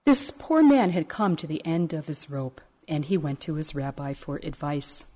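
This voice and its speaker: A woman meditation teacher gives a dharma talk in a gentle, reflective way, with stories woven in. Her voice is low and mellow. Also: sing-song, normal speed.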